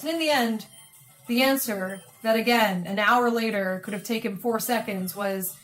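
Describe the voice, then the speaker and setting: A woman co-hosting a gaming video, telling stories in an animated, exasperated way. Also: medium pitch, normal speed, soft background music. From Canada. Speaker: co-host, bakery owner. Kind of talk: casual storytelling while gaming.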